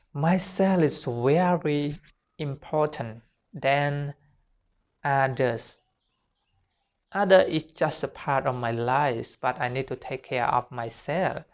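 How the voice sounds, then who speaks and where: A man delivers a motivational self-help talk at an unhurried, deliberate pace. His phrasing is simple and repetitive, earnest throughout, like a non-native speaker. The recording sounds muffled and lo-fi. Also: mid-range voice.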